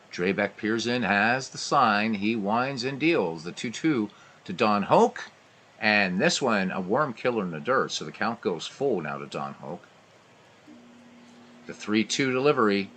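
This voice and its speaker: A man calling pitch-by-pitch baseball play-by-play, rising excitedly on big plays and dropping in dry asides. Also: slight background noise. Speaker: play-by-play broadcaster of a simulated baseball game.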